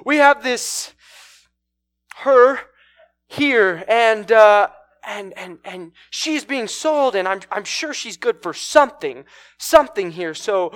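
A man doing a loud, high-pitched auctioneer. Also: expressive, slow pace, full character voice. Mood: hawking. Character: auctioneer selling a woman at a slave auction.

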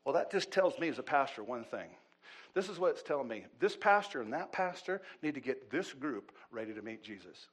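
A middle-aged man preaching a sermon as pastor, swinging from loud, animated bursts to quiet asides. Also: mid-range voice, fairly quick, breathy edge.

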